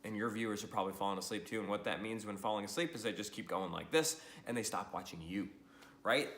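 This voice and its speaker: A man giving an energetic social media training talk to the camera, upbeat and animated, often laughing and tagging lines with "right?". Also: lowish voice, quick pace, reverberant, slight background noise.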